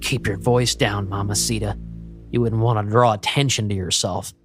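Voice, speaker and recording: A man voicing a drunk, menacing grown man who slurs and drawls his threats slowly. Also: lowish voice, fairly even intonation, faint music behind, natural voice. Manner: slow slurring threatening drawl. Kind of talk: podcast story reading.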